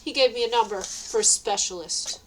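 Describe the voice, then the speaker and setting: Agitated ranting woman, high voice. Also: normal speed, slight background noise, poor audio. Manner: agitated, swearing, rambling with restarts. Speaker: vlogger. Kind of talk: ranting monologue to camera.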